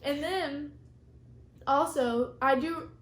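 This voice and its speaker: A young woman casually telling family ghost stories on a vlog, giggly and animated. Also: sits high, slow. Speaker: vlogger, co-host. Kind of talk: casual storytelling. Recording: roomy echo.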